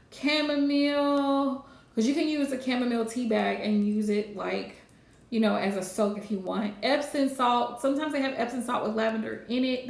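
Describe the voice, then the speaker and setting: A woman hosting a live tarot reading, calmly repeating gentle advice to her viewers. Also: fairly high pitch, creaky, roomy sound. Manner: soothing, repetitive advice with Southern-style phrasing. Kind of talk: casual live-stream reading.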